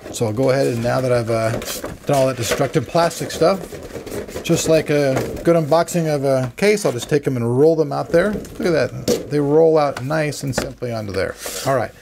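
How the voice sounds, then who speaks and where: Chatty man with a gravelly voice. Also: medium pitch, normal speed, noisy background. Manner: chatty, rambling, self-deprecating. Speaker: tech reviewer. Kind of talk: casual unboxing commentary.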